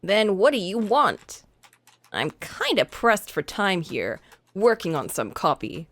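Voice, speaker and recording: A woman's voice: medium pitch, wildly swooping pitch, takes it slowly, heavily acted. Woman doing a curt, impatient male reporter. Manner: brusque, clipped, impatient. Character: irritable male freelance reporter, curt and busy.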